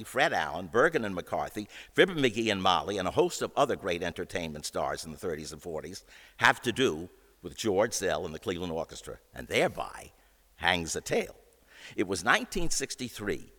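A man telling a wry, expressive anecdote about his years in the record business. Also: on the low side, big-room sound. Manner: wry, expressive, acts out dialogue. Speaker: storyteller recalling his record-industry career. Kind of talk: anecdotal storytelling.

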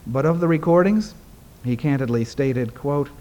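A man presenting a prepared paper, reading it aloud in a measured, formal way. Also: medium pitch, mellow, muffled recording.

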